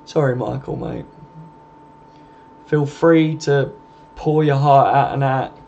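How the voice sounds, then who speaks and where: A man's voice: mid-range voice, fairly even intonation, slow, vocal fry, a little mellow. A man hosting a casual live stream, chatty and matey, swearing freely and calling his viewers mate. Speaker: live stream host reading viewer comments. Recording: slightly muffled with faint background noise.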